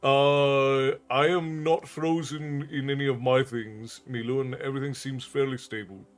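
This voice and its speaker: Male streamer, from new york city, casual chat, reads viewer messages aloud, laughs a lot, mid-pitched voice. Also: steady tone, unhurried, soft background music.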